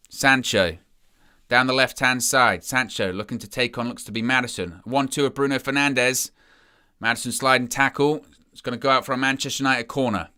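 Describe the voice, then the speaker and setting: A young man giving excitable, chatty live commentary as a fan following a football match. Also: medium pitch, smooth. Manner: excitable, chatty play-by-play with asides.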